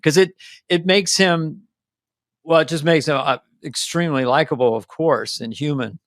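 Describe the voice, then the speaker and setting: A man co-hosting a podcast in casual chat, talking in an animated, playful way and slipping into quick impressions. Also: fairly high pitch, dry recording, studio quality. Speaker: podcast co-host.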